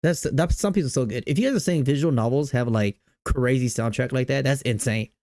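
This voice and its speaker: A man's voice: mid-range voice, a little fast, a little mellow, no echo, clean studio sound. A young man streaming, reacting to game music in casual, slangy chat, hyped and repeating himself.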